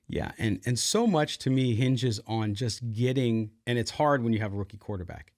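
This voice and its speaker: A man's voice: mid-range voice, animated, moderate pace, a little mellow, no room sound, studio quality. A man hosting a sports podcast in casual talk, full of asides.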